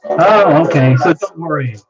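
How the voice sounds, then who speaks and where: A fairly high-voiced man chats playfully with his viewers and laughs often as he hosts a live tarot stream. The sound is dull and lo-fi, with music playing clearly behind him. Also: lively intonation, moderate pace. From United States. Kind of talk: casual live-stream chat greeting viewers.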